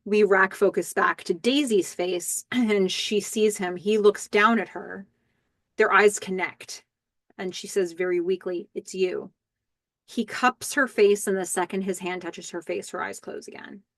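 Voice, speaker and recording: A woman hosts a rewatch podcast at a middle pitch. She recaps an episode step by step, quietly quoting the lines. The sound is dry and close. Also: fairly even intonation, unhurried, no echo. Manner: describes scenes step by step, soft quoting of lines. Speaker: podcast host.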